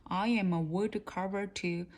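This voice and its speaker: Kind older craftsman, gentle and reassuring, read by a woman slowly. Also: medium pitch, fairly even intonation. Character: kind older man, famous wood carver.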